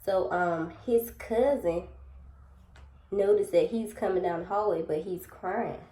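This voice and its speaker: A woman's voice: mid-range voice, a little slow, dark tone. A young adult woman vlogger telling a story in casual chat, talking straight to her viewers. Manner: chatty, addresses viewers directly, acts out dialogue. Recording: roomy, echoey room.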